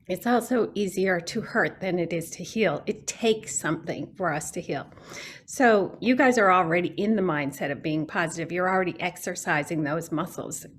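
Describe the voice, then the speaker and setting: A woman giving an earnest, reflective talk on self-care in an online meeting, often restarting her phrases as she thinks. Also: mid-range voice. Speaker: guest speaker. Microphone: video call.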